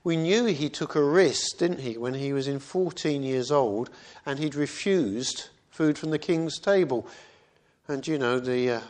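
A man's voice: on the high side, a little slow, darkish tone. A man preaching a sermon in a conversational way, often asking rhetorical questions.

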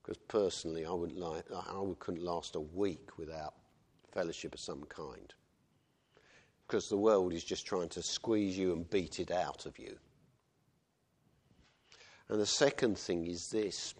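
A man's voice: sits low, measured pace, long pauses, breathy edge. A man preaching a sermon in a conversational way, often asking "isn't it" and acting out quotes. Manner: conversational, with tag questions and acted quotes.

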